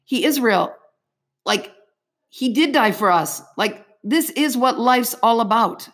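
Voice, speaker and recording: A woman's voice: on the high side, expressive, measured pace. A middle-aged woman giving an earnest personal faith testimony as an interview guest, telling her story vividly in the present tense.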